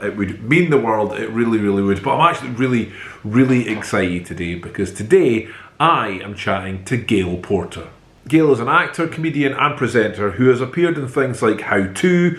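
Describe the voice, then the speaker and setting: A man's voice: mid-range voice, fairly bright tone, roomy sound. A Scottish man hosting a podcast, friendly and upbeat in casual chat. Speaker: podcast host.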